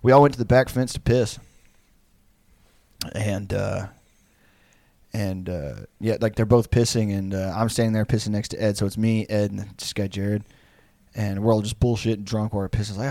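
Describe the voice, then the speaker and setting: A man's voice: medium pitch, very animated, normal speed, no echo. A man in his late twenties telling a rambling, profane story in casual chat and laughing through it. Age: 20s.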